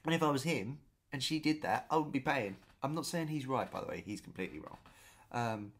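A man telling a story in a casual vlog, chatty and animated, often repeating himself. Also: medium pitch, fairly quick. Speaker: vlogger.

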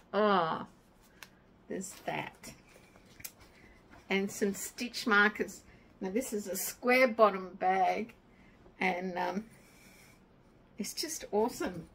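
A middle-aged woman chats unhurriedly to her viewers. Her voice carries a gravelly edge, and she gets excited and a little emotional as she goes. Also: mid-range voice, rough recording. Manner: chatty and excitable, easily moved. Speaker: craft vlogger. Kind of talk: casual chat.

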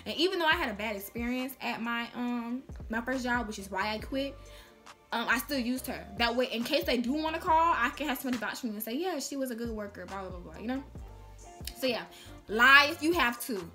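Young woman vlogger, sassy and playful, slightly high voice over light music. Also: expressive, fairly quick, pushed and bright. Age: young adult. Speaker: vlogger giving job tips. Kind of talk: casual chat to camera.

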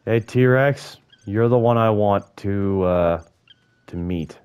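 A man's voice: on the low side, takes it slowly, a little mellow, smooth. A young man giving casual, profane gameplay commentary, joking and talking to the creatures on screen. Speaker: gaming YouTuber.

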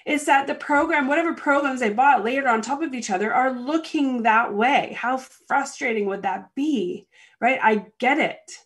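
A woman's voice: sits high, normal speed. Woman host, coaching talk told as a vivid story with mock-irritated asides. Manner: lively storytelling, acts out annoyed inner voices. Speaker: coach hosting a show. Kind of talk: motivational talk.

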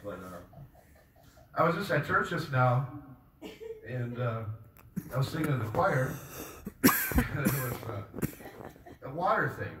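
A man doing a stand-up comedy set on a club stage, rambling in a deadpan way with many filler pauses. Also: medium pitch, a little hiss or hum. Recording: roomy, distant mic with faint ambience.

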